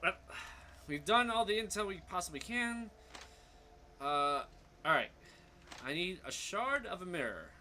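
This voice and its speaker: A man's voice: high voice, sing-song, measured pace, long pauses, slight background noise. A young man streaming a story game, thinking aloud as he reads and picks choices. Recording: soft game music behind.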